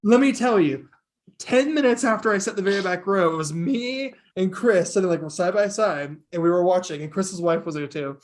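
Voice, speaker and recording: A young man co-hosting a podcast, telling stories in an excitable casual chat and laughing often. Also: high-pitched, normal speed. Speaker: podcast co-host.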